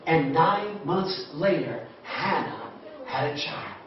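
A man's voice: fairly high pitch, sing-song, takes it slowly, slight background noise. A man preaching a sermon, retelling Bible stories with impassioned exhortation. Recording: echoey hall, distant muffled mic.

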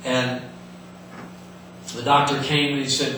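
A man preaching an earnest sermon, stumbling over repeated words as he builds his point. His voice is bright and slightly high, ringing through a very echoey hall from a distance from the mic. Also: normal speed, slight background noise.

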